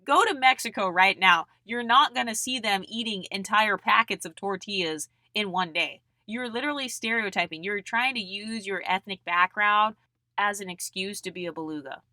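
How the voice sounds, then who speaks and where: Blunt, bright-voiced woman ranting. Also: mid-range voice, moderate pace, no room sound. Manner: blunt, mocking and profane, mimics people in put-on voices. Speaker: channel host. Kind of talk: opinionated monologue to camera.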